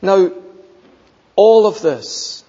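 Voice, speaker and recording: Slow husky male preacher in a hall. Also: high-pitched, animated, highs cut off. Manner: emphatic, repeats phrases, drops to soft intensity. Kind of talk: sermon.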